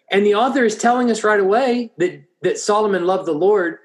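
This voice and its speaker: A man's voice: high voice, lively intonation, normal speed. A man preaching an expository Bible lesson, thinking aloud with frequent restarts.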